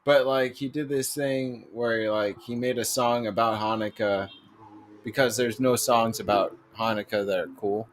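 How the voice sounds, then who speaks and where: A man's voice: medium pitch, steady tone, measured pace, a little hiss or hum. A young man co-hosting a podcast in casual chat, rambling with lots of fillers and cursing. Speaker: podcast co-host.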